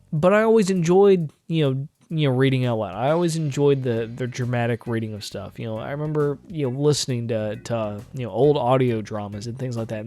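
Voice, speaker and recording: A man's voice: mid-range voice, darkish tone. Self-critical man rambling over faint guitar. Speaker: channel host. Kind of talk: casual vlog monologue.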